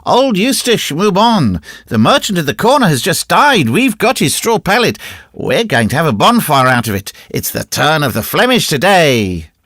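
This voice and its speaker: A rowdy gang of street kids hollering at full pitch, as a male narrator puts them on. The voice jumps up high and loud, brash and unruly, in a dry close recording with a slightly husky edge. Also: big pitch swings, moderate pace, dry recording, exaggerated voice. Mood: rowdy shouting. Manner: loud, raised shouting.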